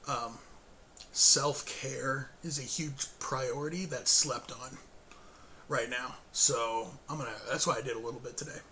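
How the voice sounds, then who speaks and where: A hoarse man hosting his own show, giving a casual, rambling spoken update with fillers, self-corrections and chuckles between sentences. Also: medium pitch, steady tone, unhurried, pushed and bright, slight background noise.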